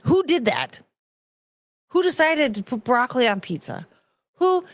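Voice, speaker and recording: Brief: thirties woman host, blunt, swears casually, animated delivery, dry voice. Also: sits high, unhurried, no echo. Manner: blunt, profane, animated, mocking voices in quotes. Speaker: streamer host reading chat. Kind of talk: casual chat.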